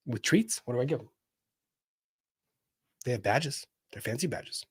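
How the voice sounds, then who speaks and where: A man hosting a live legal commentary stream, reading viewer messages and reacting with wry, animated asides. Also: mid-range voice, measured pace, breathy edge. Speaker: lawyer streamer reading chat.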